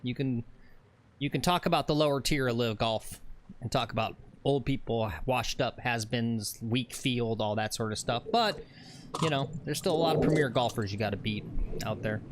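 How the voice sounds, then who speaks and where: A man's voice: mid-range voice, normal speed. Man, co-host reading live chat, chatty and casual, light ambient noise. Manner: relays viewer comments chattily.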